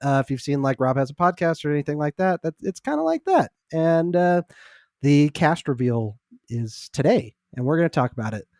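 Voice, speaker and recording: Man, podcast co-host, teasing, chuckly, slightly high voice, dry close mic. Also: brisk, dry recording. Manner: laughs often, teasing, relaxed banter. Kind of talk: casual chat.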